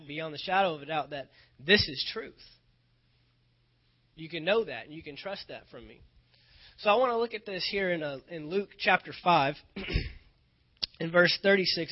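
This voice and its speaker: A male pastor preaching a sermon, earnest and emphatic, often repeating phrases for weight. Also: on the high side. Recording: dull lo-fi recording.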